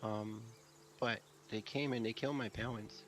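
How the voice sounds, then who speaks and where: Soft-spoken man playing a tabletop character. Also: fairly low pitch, fairly even intonation, moderate pace, soft background music, rough recording. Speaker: player. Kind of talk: in-character tabletop role-play.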